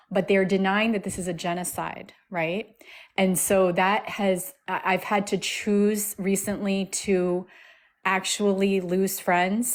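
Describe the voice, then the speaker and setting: An American woman calling in to a live stream, speaking angrily and emphatically, repeating phrases for force. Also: fairly low pitch. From United States. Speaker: caller. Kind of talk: impassioned call-in speech.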